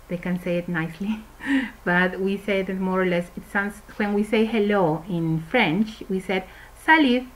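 Slow sing-song preschool teacher woman. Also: medium pitch, rough recording. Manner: cheerful, sing-song, slow and simple for small children. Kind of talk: children's craft lesson.

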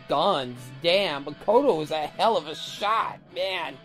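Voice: mid-range voice, a little slow, few pauses, a bit bright, soft background music. A sleepy vlogger casually recapping an anime episode, rambling and swearing freely with lots of fillers. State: sleepy, barely awake.

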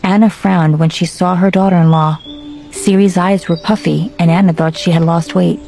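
A woman narrating a story aloud in a steady, even way, with faint music behind her. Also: fairly low pitch, normal speed. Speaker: audiobook narrator. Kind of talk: scripted narration.

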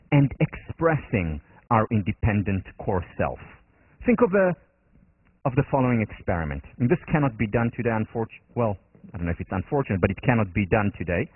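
A man's voice: mid-range voice, no echo. A man with an Israeli accent gives an earnest university lecture and acts out lines in his examples. The sound is dry and narrow, like a phone line. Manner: earnest, explanatory, acts out quotes in the story.

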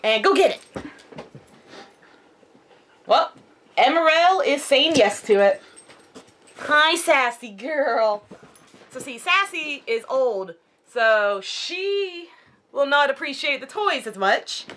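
High-pitched, bright woman, animated delivery, excitable and chatty, casual home unboxing vlog. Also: slow, long pauses. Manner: chatty and excitable, coos at her dogs. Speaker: vlogger. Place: home room with dogs.

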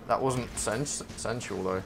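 A man's voice: lowish voice, a little slow, vocal fry, noisy background. A man playing a game with a friend, teasing him dryly and mock-arguing in casual chat. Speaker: co-op game player. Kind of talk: casual gaming banter.

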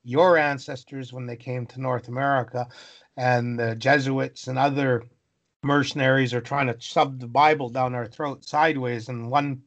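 Gravelly man telling a story. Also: mid-range voice, normal speed. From British Columbia, Canada. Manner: animated, dramatic storyteller acting out voices. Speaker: interview guest. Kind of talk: storytelling in conversation.

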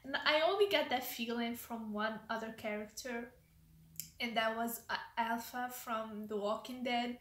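A woman's voice: on the high side, a little slow, fairly bright tone. A woman hosting a reaction video, rambling casually with lots of "like" and trailing off mid-sentence. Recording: roomy echo.

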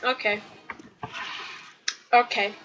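A woman giving excitable gameplay commentary, yelling and trash-talking her opponents. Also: slow pace, muffled recording, slight background noise.

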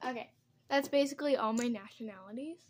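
A woman's voice: a little high, quick pace, background noise. A young woman chatting casually as she does her makeup at home, rambling from one topic to the next. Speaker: vlogger. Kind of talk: casual get-ready-with-me chat.

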